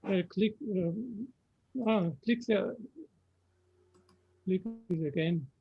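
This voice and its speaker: A man with a German accent, patiently explaining software step by step on a video call. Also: high voice, slow, breathy edge. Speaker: software presenter. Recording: dull lo-fi call audio.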